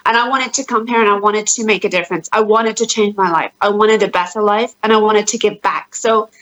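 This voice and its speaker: A woman's voice: medium pitch, fairly even intonation, a little fast, a bit bright, muffled recording. A woman with a British accent, a podcast guest talking earnestly in casual conversation and leaning on "you know" a lot. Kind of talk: casual interview chat.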